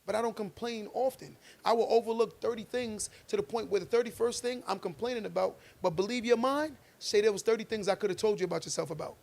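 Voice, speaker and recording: A man's voice: high-pitched, fast talker, vocal fry, hardly any pauses, a little mellow. A man co-hosting a podcast, arguing his view with emphatic, preachy conviction and telling stories along the way. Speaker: podcast co-host. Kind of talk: casual debate chat.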